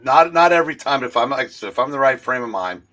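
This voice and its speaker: A man joining a casual movie chat, halting and searching for his words. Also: mid-range voice, animated, fairly bright tone.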